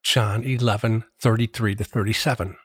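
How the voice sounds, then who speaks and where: A man giving a slow, earnest Catholic devotional reflection, reading scripture verses aloud. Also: lowish voice, fairly even intonation, fairly bright tone, slightly rough, no room sound, studio quality. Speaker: Catholic preacher.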